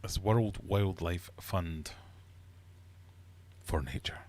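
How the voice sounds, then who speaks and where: Brief: male livestream quizmaster, lowish voice, playful and teasing, fish room. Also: extremely slow, a little mellow. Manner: playful, teasing, mock-uppity. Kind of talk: live-streamed quiz chat.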